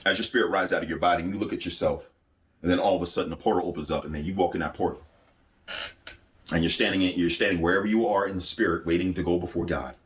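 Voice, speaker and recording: A man with a lowish voice recounts a personal spiritual testimony. He tells it intensely, circling back on phrases and restarting sentences as he goes. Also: fairly even intonation, fast talker. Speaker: speaker giving a religious testimony.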